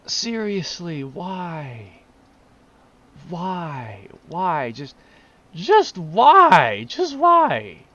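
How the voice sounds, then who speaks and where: An exasperated man rants slowly in a casual vlog, repeating himself and breaking into disbelieving laughs. His voice sits a little high and swings widely in pitch. The recording is dull and lo-fi. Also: wildly swooping pitch, pushed and bright.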